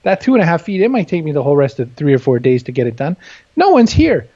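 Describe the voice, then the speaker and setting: A man's voice: a little high, sing-song, fast talker, mellow, no room sound, highs cut off. A man talking candidly and with humor as an interview guest, often self-deprecating. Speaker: guest author. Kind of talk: casual interview chat.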